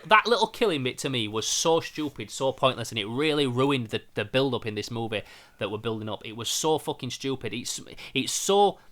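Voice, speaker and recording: A man reviewing a film in casual podcast chat, animated and sweary, acting out scenes as he goes. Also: medium pitch, fairly quick.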